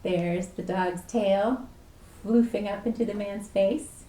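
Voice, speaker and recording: A woman librarian reading a picture book aloud at a preschool storytime, animated and playful, asking the children questions. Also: medium pitch, slow pace. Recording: echoey room.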